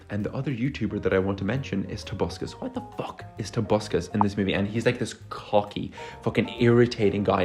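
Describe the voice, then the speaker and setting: A man's voice: medium pitch, darkish tone. A man giving a casual movie review, sarcastic and exasperated, swearing often. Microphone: phone.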